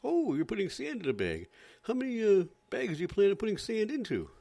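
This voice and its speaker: A man voicing a frantic, overexcited male TV field reporter, breathless and shrill. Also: huge pitch swings, brisk, vocal fry, mellow, exaggerated voice.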